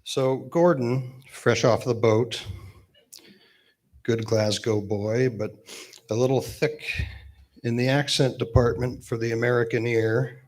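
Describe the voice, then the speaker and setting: A man in his fifties giving a eulogy at a memorial gathering with gentle humor, pausing often with fillers. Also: mid-range voice, fairly even intonation. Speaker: eulogy speaker, best man.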